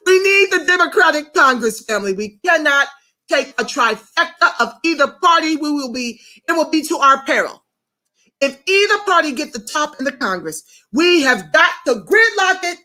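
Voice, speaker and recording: A woman hosting a casual livestream, speaking in an animated, effusive way and greeting viewers by name as she reads their comments. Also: sits high, normal speed.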